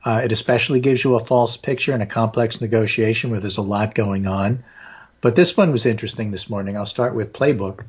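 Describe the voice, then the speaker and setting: Male talk host, hoarse and husky, rambling with fillers; muffled audio. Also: lowish voice, fairly quick. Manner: discursive, with frequent fillers. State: hoarse from allergies. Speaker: political talk show host. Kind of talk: casual political talk.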